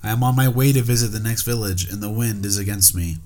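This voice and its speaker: A man's voice: on the low side, quick pace, a little mellow, soft background music, natural voice. Man voicing a young snow spirit woman. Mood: calm. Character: pretty young female snow spirit, calm.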